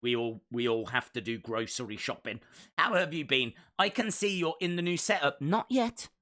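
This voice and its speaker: A man's voice: medium pitch, expressive, moderate pace, bright, forceful tone. A man hosting a live stream and rambling in a jokey way while he answers chat comments. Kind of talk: casual live watch-along chat.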